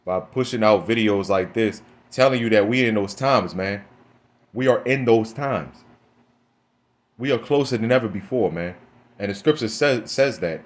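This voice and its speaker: A young man preaching a blunt, fiery monologue, cursing often and tagging his lines with "man" and "right?". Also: on the low side. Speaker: religious speaker.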